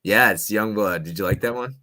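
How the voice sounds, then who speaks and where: A man hosting a casual movie-trivia chat, playful and restless, his voice jumping between loud and quiet. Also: fairly low pitch, a little fast. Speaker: host.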